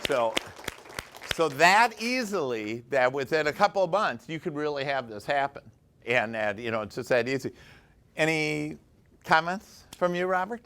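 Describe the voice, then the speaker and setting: A man's voice: fairly high pitch, animated, moderate pace, fairly bright tone, some chatter behind. A man leading a live motivational workshop as coach, talking to a small group in an enthusiastic, chatty way and laughing often.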